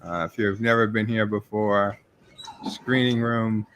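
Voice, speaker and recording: A man's voice: lowish voice, level tone, measured pace, a bit bright. A middle-aged man with a New York accent hosting a live stream, reading viewers' chat messages aloud and answering them casually. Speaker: livestream host reviewing a TV episode.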